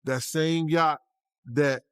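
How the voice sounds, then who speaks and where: A man's voice: fairly high pitch, steady tone, takes it slowly, a bit bright, clear, resonant tone, no room sound, studio quality. A man talking casually and emphatically in street slang, often repeating himself. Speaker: commentator in a clip. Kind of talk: casual talk.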